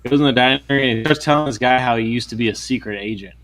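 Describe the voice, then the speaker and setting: A man's voice: mid-range voice, racing. A man, co-hosting a casual podcast and telling a story with lots of swearing and acted-out voices. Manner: animated, swears a lot, acts out voices when retelling. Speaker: podcast co-host.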